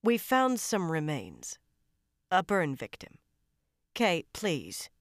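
A woman voicing a commanding female fire investigator who barks brisk orders, in an audiobook. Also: on the low side, huge pitch swings, no room sound, studio quality, full character voice. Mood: insistent. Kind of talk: audiobook narration.

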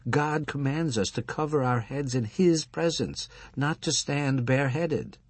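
A man voicing an older rabbi's wife, bitter and defiant, speaking quietly in a clipped, cutting way. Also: medium pitch, measured pace, dry recording, pitched above the performer's own voice, close to an everyday voice.

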